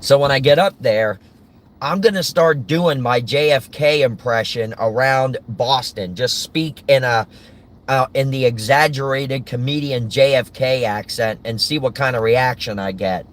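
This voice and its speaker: A man's voice: medium pitch, a little slow. A man vlogging from his car in a casual, rambling monologue, often chuckling.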